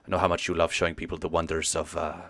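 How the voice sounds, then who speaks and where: A man voicing a smooth-talking elderly male sage, polite and unctuous. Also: low-pitched, little pitch movement, fast, a bit bright, no echo. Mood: courteous.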